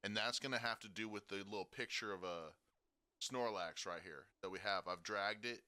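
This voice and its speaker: A man giving a casual software tutorial, talking through each step and checking in with frequent "okay?" and "right?". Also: fairly low pitch, normal speed. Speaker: streaming tutorial host.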